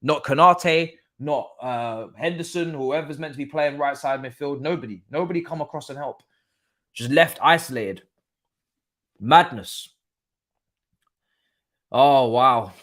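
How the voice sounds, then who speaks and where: A man hosting a live football watchalong stream, chatting through the match as a fan and bursting into shouts at big moments. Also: medium pitch, a little slow, pauses often. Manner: excitable, erupts into shouts and laughs at goals. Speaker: watchalong host.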